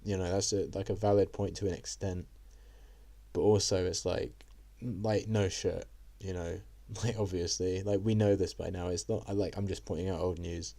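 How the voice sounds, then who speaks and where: A man's voice: deep voice, little pitch movement, normal speed, gravelly, mellow. A young man telling a casual story to camera, rambling with lots of fillers and swearing. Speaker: vlogger.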